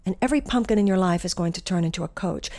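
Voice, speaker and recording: A woman giving an inspirational talk, earnest and animated as she tells a story. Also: lowish voice, racing. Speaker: spiritual teacher.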